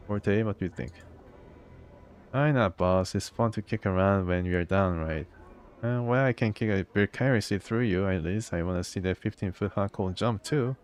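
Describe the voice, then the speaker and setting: A man's voice: low-pitched, moderate pace. A man casually playing through a video game, reading its text aloud and chatting about it. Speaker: gamer.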